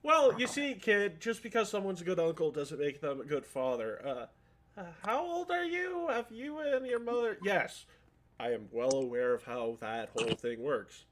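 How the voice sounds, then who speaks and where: A man's voice: high voice, sing-song, moderate pace, fairly bright tone, slight background noise. A man voicing a stern but awkward male adventurer in a tabletop game. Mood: flustered.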